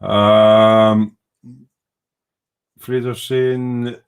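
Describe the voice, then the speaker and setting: Speaking very slowly in a lowish voice with little pitch movement, this hobby model maker runs a casual livestream. Between reading out viewer comments, he rambles with self-deprecating humor, drops informal British slang, and hums while clicking around.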